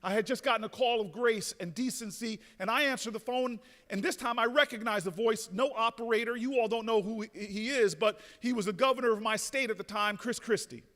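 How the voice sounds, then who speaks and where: A man telling a story in a rousing convention speech, often restarting with repeated words and building to shouted peaks. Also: very high-pitched, brisk, hardly any pauses. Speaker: speaker at a convention. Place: large hotel ballroom. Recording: reverberant ballroom.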